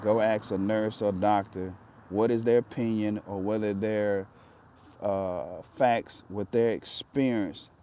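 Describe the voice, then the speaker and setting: A man's voice: fairly low pitch, mellow, clean tone. A man telling a personal story in a casual, earnest way, often repeating himself for emphasis.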